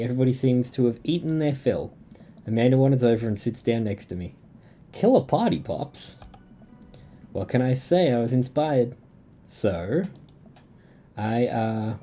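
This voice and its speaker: A man's voice: medium pitch, expressive, normal speed, mellow, a little hiss or hum. A young Australian man streaming a dating game, reading its lines aloud and chatting between them. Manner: reads game dialogue in a plain voice, breaks off to chat and laugh.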